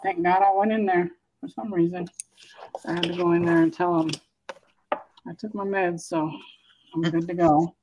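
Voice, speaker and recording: A woman's voice: lowish voice, fairly even intonation, normal speed, long pauses, warm tone, poor audio. A woman chatting casually on a live stream, telling easygoing rambling stories. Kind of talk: casual chat.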